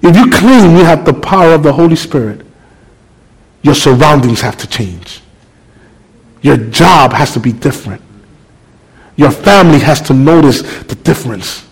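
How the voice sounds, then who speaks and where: Brief: middle-aged man preaching, fairly high voice, lively storyteller who quizzes the congregation. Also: normal speed, long pauses, husky, poor audio. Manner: animated, acts out dialogue, rhetorical questions to the congregation. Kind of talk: sermon with storytelling.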